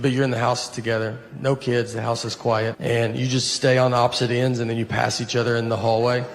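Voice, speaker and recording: A middle-aged man with a Southern US accent doing a stand-up comedy set, telling stories in a dry, deadpan way into a handheld mic on a theater stage. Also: mid-range voice. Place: theater stage before a laughing audience. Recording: live hall recording with long reverb and audience noise.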